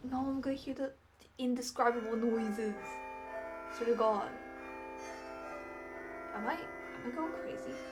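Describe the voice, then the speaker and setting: A woman chatting through a game, easily spooked and reading on-screen text aloud in halting bursts. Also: on the high side, steady tone. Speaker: gamer playing a courtroom game. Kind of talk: gameplay commentary. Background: game music.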